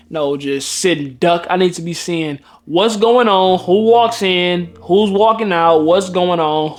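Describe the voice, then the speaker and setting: A man with a high-pitched voice tells a personal story in a casual, slangy vlog monologue. His delivery is mostly laid-back but breaks into loud laughing outbursts, and faint music plays underneath. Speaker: dating coach.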